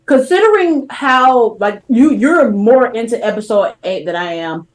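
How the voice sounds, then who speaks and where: A woman's voice: on the high side, expressive, measured pace, rough recording. Playful, chatty woman co-host. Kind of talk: casual chat.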